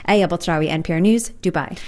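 A woman news correspondent filing a report in a steady, factual way. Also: fairly low pitch, quick pace.

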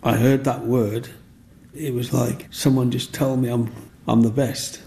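An older man tells his story. His voice is gravelly and warm. He speaks with animated energy and slips into the voices of the people in his tales. A faint ambience sits underneath. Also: medium pitch, a little slow, slight background noise. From Black Country, England. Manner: lively, acts out voices in his stories. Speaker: interviewee.

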